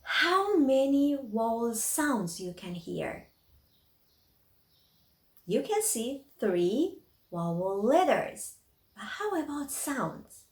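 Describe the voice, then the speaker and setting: Woman teaching real slow, every word spelled out, voice going up and down a lot, echoey room. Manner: slow, careful word-by-word delivery with lively pitch. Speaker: English teacher. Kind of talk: slow, drawn-out English lesson.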